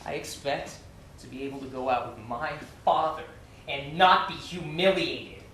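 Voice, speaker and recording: A man's voice: on the high side, moderate pace, fairly bright tone, a little hiss or hum, natural voice. An actor in his thirties playing a frustrated, hurt gay man on stage, speaking with tense agitation. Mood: accusing. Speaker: visitor. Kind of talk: stage play acting. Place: theater stage. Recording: echoey stage, from far off, faint ambience.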